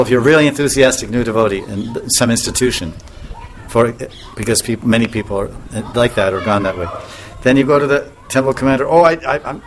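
Male spiritual teacher, casual rambling talk, frequent chuckles, acts out voices; mid-range voice, faint background noise. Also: medium pitch. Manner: chuckling often, rambling with restarts.

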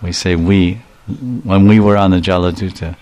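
A man's voice: low voice, little pitch movement, moderate pace, a little mellow. A man giving a devotional lecture, telling stories and acting out quoted speech, often repeating and correcting himself as he goes. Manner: storytelling, acts out quoted speech with voice changes; repetitive, self-correcting phrasing. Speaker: spiritual lecturer.

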